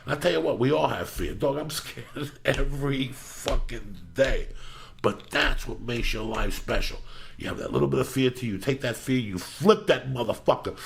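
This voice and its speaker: Gravelly, profane middle-aged podcast host. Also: male voice, mid-range voice, expressive, a little fast. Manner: loud, profane, rambling pep talk. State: stuffy nose. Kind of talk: profane casual podcast rant.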